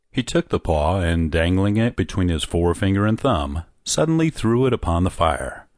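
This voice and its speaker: Deep-voiced man narrating a classic tale. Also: very animated, darkish tone, no room sound, clean studio sound. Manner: measured storytelling. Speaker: audiobook narrator. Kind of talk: scripted narration.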